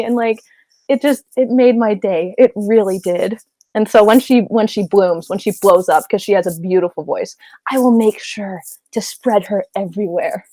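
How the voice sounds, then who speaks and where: A woman's voice: medium pitch, moderate pace, warm tone, dry recording. A woman voice actress chatting in an interview, giggly and rambling, wandering off on tangents from a home closet booth. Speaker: guest voice actress. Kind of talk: casual interview chat.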